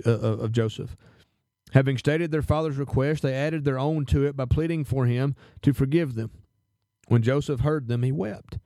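A man gives a verse-by-verse Bible lesson, reading passages aloud before explaining them. His voice is warm and mellow, recorded dry and close with no room sound. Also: medium pitch, dry recording. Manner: reads scripture aloud then explains it, measured. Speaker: Bible teacher.

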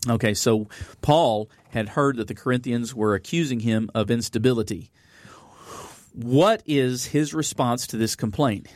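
A man leads a relaxed Bible study, reading a passage aloud and then unpacking it in plain words. He speaks at a middling pitch, and the sound is dry and close with no room behind it. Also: a little slow, dry recording. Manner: reads scripture aloud, then explains it with fillers. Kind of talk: conversational Bible teaching.

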